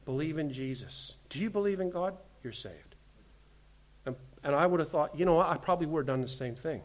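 Man, pastor, sermon, fairly high voice, earnest pleading, forceful emphasis. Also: expressive, brisk. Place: church.

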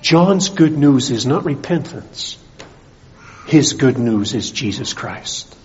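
A male pastor preaching a sermon, rising to strong emphasis and dropping low again. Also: animated, takes it slowly, darkish tone, lo-fi sound.

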